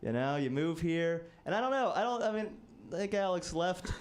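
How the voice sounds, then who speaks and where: A man's voice: high-pitched, animated, moderate pace. A man in his twenties doing a stand-up comedy set, telling rambling, self-deprecating stories. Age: 20s.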